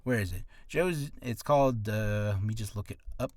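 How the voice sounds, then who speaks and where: An aspiring voice actor, a man with a lowish voice, talks at a moderate pace through a casual tutorial vlog from his home studio. He is animated, rambling and correcting himself as he goes, and the recording has no echo.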